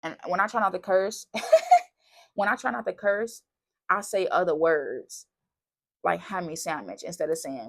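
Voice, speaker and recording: A woman's voice: fairly low pitch, lively intonation, normal speed, pauses often. A woman giving a casual tarot reading, chatty and bubbly, wandering off on tangents. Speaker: tarot reader.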